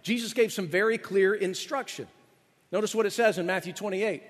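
Emphatic high-voiced male preacher. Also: in a large hall. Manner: emphatic preaching, slows and rises on key words. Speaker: pastor. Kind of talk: sermon.

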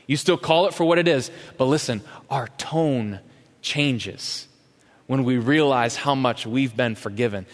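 Pastor preaching in a reverberant hall. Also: male voice, on the high side. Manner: impassioned, questioning, swings from loud to hushed. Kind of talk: sermon.

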